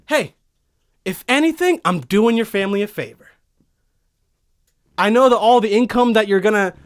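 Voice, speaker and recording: A young man hosting a podcast from a studio, telling a profane, animated comic rant full of swearing. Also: high-pitched. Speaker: podcast host.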